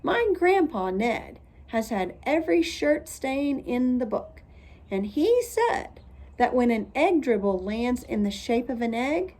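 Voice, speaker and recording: A woman's voice: a little high, big pitch swings, takes it slowly, darkish tone, full character voice. Woman doing Sheldon, a scheming dramatic little boy. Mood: conspiring.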